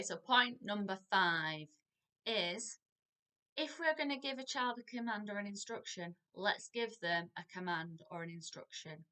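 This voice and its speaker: A middle-aged woman teaches a parenting class in an animated, expressive way. Her voice is bright and clear, and she slips into quick acted examples of parents and children. Her pitch sits in the middle. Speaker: parenting practitioner. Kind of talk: recorded parenting lesson.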